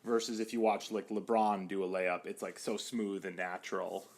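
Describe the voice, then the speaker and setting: A man's voice: low-pitched, level tone, moderate pace. A young man, a psychotherapist, talking casually on a podcast, with many "like" fillers, and slipping into quoted voices now and then.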